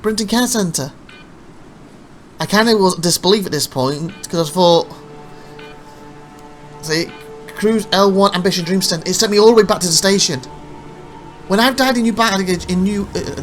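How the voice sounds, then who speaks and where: A man's voice: high-pitched, fairly bright tone. A man narrating his own gameplay footage as a let's play, rambling through anecdotes with frequent restarts. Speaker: gameplay commentator.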